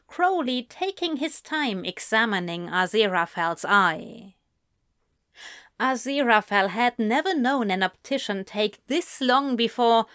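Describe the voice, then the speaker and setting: A woman reads a romance story aloud at a slow, unhurried pace. Her voice sits a little high and stays gentle and even. The recording is dry and close. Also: smooth, dry recording. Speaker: audiobook reader. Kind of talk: romance fan fiction reading.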